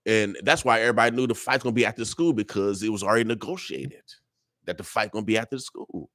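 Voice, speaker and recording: A man's voice: fairly low pitch, quick pace, a bit bright, no room sound. An older man speaking on a radio show in a studio, preaching and joking, repeating himself in casual street talk. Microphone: studio microphone.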